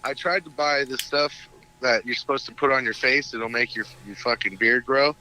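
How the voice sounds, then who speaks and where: A man calling into a live show, cracking crude deadpan jokes in casual chat. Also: mid-range voice, moderate pace, rough recording. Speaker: caller. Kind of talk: casual joking phone-in.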